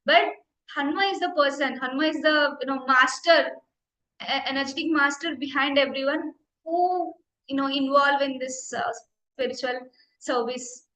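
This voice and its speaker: Bright-voiced young Indian woman, roomy sound. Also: high-pitched, normal speed. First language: Telugu. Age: young adult. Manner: heartfelt, earnest storytelling. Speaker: meditation teacher. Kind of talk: personal testimony talk. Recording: roomy echo.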